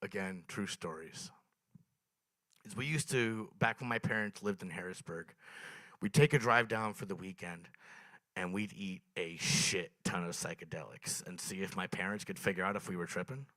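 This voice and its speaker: A young man performing a stand-up comedy set at a small open mic, telling dark stories in a deadpan, swearing way. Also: low-pitched, normal speed, no room sound.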